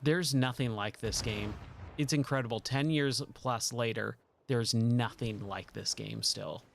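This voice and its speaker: A man's voice: medium pitch, unhurried, gravelly, slight background noise. A man streaming a video game late at night, chatting casually and enthusiastically about the game and laughing often. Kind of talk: casual gameplay commentary.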